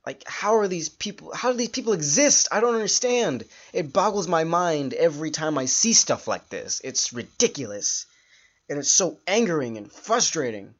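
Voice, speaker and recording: Man, podcast host, frustrated rant, sighing, halting restarts, muffled lo-fi sound. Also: fairly high pitch, big pitch swings.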